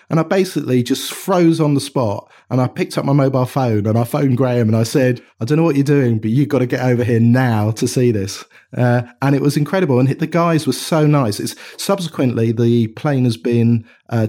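A man with an English accent telling animated stories in a casual interview, with frequent restarts. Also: medium pitch, fairly quick, few pauses. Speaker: watch company co-founder, guest.

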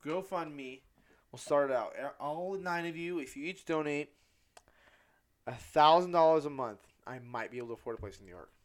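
Young socal guy rambling on his podcast, kinda high voice, cusses a lot, keeps losing his place. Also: moderate pace. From Southern California. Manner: rambling, self-mocking, swears freely; loses track and corrects himself mid-sentence. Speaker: podcast host. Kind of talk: casual solo podcast rant.

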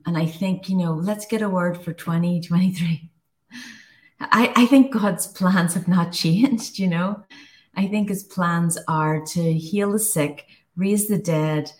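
Female podcast co-host, low and unhurried, reflective, searching for her words. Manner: thoughtful, halting, with frequent restarts. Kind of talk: reflective faith conversation.

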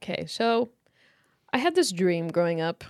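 A woman's voice: on the low side, sing-song, moderate pace, a little mellow, no echo, clean studio sound. A young woman co-hosting a podcast, telling a story animatedly in casual chat, swearing and laughing now and then. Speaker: podcast co-host.

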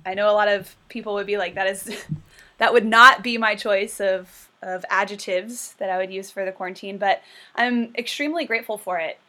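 A woman's voice: medium pitch, steady tone, normal speed, pushed and bright. A woman in a casual chat with friends, talking reflectively and laughing easily.

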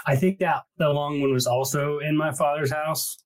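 A man co-hosting a book podcast, reading passages aloud and chatting casually, recorded in a small closet. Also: steady tone. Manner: reads the epigraph slowly and low, then chats playfully. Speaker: podcast co-host.

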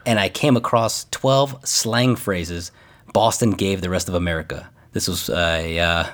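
A man's voice: low-pitched, a little slow, fairly bright tone. A man co-hosting a casual podcast, reading a list aloud and joking and laughing as he goes. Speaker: podcast co-host. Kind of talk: casual chat.

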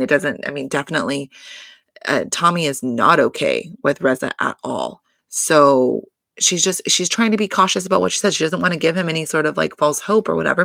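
Gravelly-voiced woman recapping casually. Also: low voice, a bit bright, no echo, studio quality. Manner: chatty, many fillers, exclaims and swears. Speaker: reality TV recap host.

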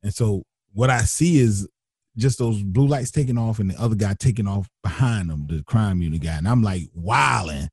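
A man tells a story in a husky, dark voice that leaps high whenever he acts out what others said. He keeps restarting sentences and slips into slang. The sound is close and dry, with no room around it. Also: normal speed, no echo. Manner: acts out others' lines with big pitch jumps, frequent restarts and slang. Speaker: guest telling a personal story. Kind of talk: animated storytelling.

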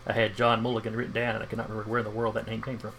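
Bright-voiced male game master. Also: lowish voice, monotone, racing, creaky, a little hiss or hum. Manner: hesitant, full of fillers. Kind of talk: narrating a tabletop game.

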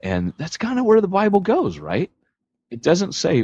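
A man co-hosting a podcast, telling stories in a casual, animated way with lots of fillers. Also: high voice, normal speed, breathy edge, no room sound, dull audio. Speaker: podcast host.

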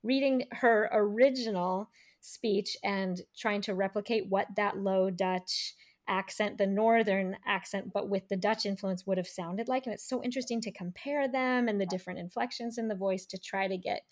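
A woman's voice: mid-range voice, normal speed. A woman hosting a podcast in casual chat, thinking aloud and often restarting her sentences. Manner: thoughtful, with frequent restarts. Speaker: podcast host.

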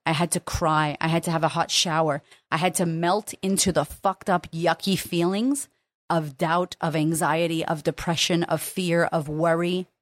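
Brief: female podcast host, lowish voice, candid and profane, dry close sound. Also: no echo. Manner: frank, emotional, swears freely. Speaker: podcast host and confidence coach. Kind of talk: candid solo podcast monologue.

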